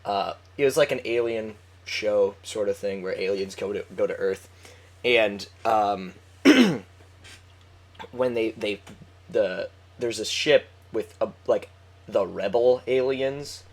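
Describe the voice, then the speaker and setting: A man's voice: fairly low pitch, expressive, slow pace. A man chatting casually with a friend, rambling and swearing with lots of fillers. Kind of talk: casual chat.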